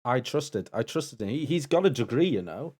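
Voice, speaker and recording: A man's voice: medium pitch, very animated, normal speed, a little mellow. A man co-hosting a charity live stream in casual banter, easygoing and often restarting his words. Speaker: co-host and assistant of a stream event.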